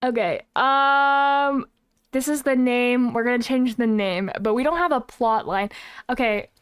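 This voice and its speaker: A woman's voice: on the high side, a little slow, clean tone, no echo, clean studio sound. A young woman streaming live, chatting casually and playfully teasing her chat. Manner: playful, teasing, self-mocking.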